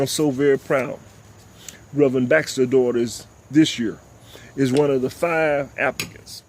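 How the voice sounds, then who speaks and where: An older man, hosting a talk show and delivering impassioned, preachy commentary, often repeating "ladies and gentlemen.". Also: a little high, slight background noise. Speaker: host.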